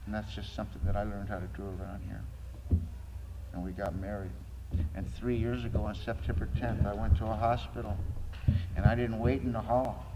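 A man's voice: on the low side, background noise. Man telling his story in an echoey hall. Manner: earnest storytelling, acts out dialogue. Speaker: recovery meeting speaker. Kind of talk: personal testimony talk.

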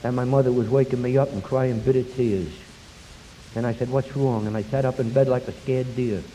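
A man's voice: mid-range voice, fairly even intonation, fairly quick, dark tone. An older man from New York telling his life story bluntly to an audience, speaking about recovery from drinking. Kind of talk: personal recovery talk to an audience. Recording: hissy recording in a reverberant hall.

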